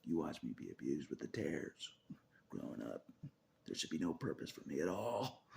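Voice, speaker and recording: A man talking in an unscripted personal monologue, repeating phrases for emphasis, swearing often and swinging between loud declarations and muttered whispers. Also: extremely low pitch, very animated, normal speed, vocal fry, long pauses, slight background noise. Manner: swears often and laughs to himself. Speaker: vlogger.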